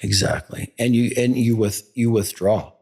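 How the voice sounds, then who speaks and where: A man's voice: mid-range voice, fairly even intonation, moderate pace, darkish tone, slightly rough. Eager man, a podcast guest. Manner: enthusiastic, with frequent restarts and filler phrases. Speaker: guest, company executive. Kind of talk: conversational podcast interview.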